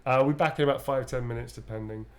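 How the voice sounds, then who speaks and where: A man's voice: mid-range voice, rapid-fire, a crowd in the background. Easygoing, foul-mouthed male streamer. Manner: relaxed, joking, swears freely. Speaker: streamer, host of a game stream. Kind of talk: casual live-stream chat.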